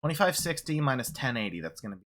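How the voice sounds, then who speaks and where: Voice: mid-range voice, big pitch swings, fast talker, a bit bright. A streamer chatting casually during a video game stream, rambling and swearing, often laughing. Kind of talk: casual gaming stream chat.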